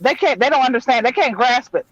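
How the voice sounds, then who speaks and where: A middle-aged woman hosting a casual live panel chat, animated and exclaiming in slangy speech. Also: high voice, fast talker, dull audio, a little hiss or hum. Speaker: panel host.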